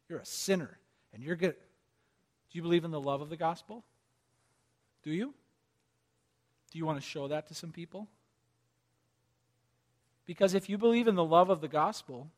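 A man preaching a sermon who asks his congregation question after question and swings between loud urgent appeals and hushed, almost whispered lines. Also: fairly high pitch. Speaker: pastor.

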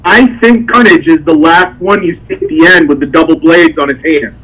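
A man's voice: on the high side, moderate pace, fairly bright tone, slightly rough, low-quality recording. A man in casual chat, mild and hesitant with frequent ums.

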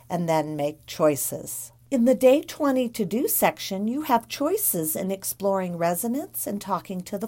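A woman reading an instructional book about breath and voice for dancers in a calm, measured way. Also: medium pitch. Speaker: narrator of a dance guidebook.

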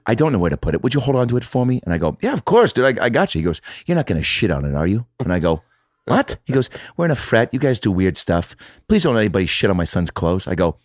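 Guy with a real deep voice telling wild stories, cussing a lot, dry close sound. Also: fast talker, no echo. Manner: animated storyteller, swears, acts out quotes. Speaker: podcast guest. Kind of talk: casual chat.

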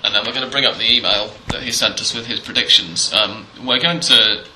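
A man's voice: on the low side, brisk, pushed and bright, reverberant, slight background noise, rough recording. A man hosting a casual podcast chat about football in a wry, chatty, self-deprecating way. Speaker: podcast host.

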